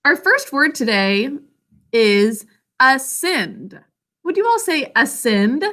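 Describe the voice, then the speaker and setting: Slow, bright-voiced woman teacher. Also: high voice, very animated. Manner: slow, clear, sounds words out syllable by syllable. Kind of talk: online spelling lesson for children.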